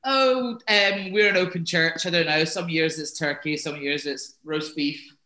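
A man's voice: on the high side, fairly even intonation, unhurried, sharp tone. A chef on a video call, laid-back and laughing easily as he chats. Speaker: chef, restaurant co-owner. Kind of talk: casual conversation. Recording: roomy echo.

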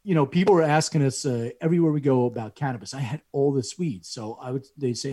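A middle-aged man with a husky, slightly breathy voice tells a long personal story in easygoing conversation. He keeps his speaking pitch in a middle range and livens it up by mimicking the people he quotes. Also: quick pace, hardly any pauses. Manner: animated, acts out quoted voices with rising pitch. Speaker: guest telling a story.

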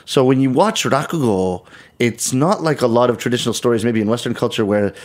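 A man's voice: medium pitch, fairly quick, darkish tone. A middle-aged man, a guest storyteller on a podcast, explaining things thoughtfully and often restarting his sentences. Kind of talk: conversational podcast interview.

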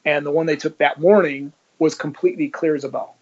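A man's voice: fairly high pitch, steady tone, a little fast. A man telling his story as a guest in casual, blunt talk, swearing freely and acting out the dialogue he quotes. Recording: dull lo-fi audio.

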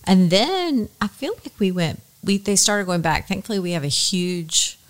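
A woman's voice: mid-range voice, very animated, moderate pace. A middle-aged woman co-hosting a casual chat in a reflective, conversational way. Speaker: podcast co-host.

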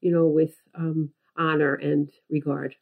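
A woman co-hosting a podcast, a former hospice worker, speaking calmly and reflectively with pauses. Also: low-pitched, narrow, tinny audio. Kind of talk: casual conversation.

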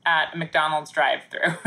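A woman's voice: deep voice, unhurried, bright, forceful tone. A woman co-hosting a comedy podcast, casual chat full of jokes and laughter. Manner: jokey, laughs often, mock newscaster reading. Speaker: podcast co-host.

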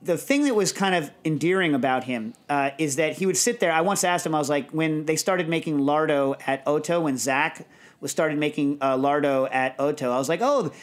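A fairly high-voiced male podcast host chatting casually. He rambles from one story to the next, quick and animated, with lots of asides. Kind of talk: casual chat.

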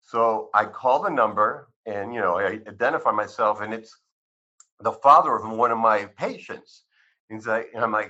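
A man's voice: on the low side, normal speed, sharp tone. A man in his sixties, a chiropractor being interviewed, tells his life story in a rambling, conversational way with many fillers and re-enacted quotes. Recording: slightly muffled recording.

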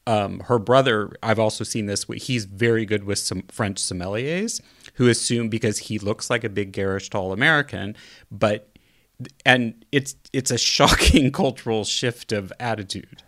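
A man hosting an interview, speaking in a measured, conversational way. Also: fairly low pitch, fairly bright tone. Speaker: podcast host. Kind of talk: casual interview chat.

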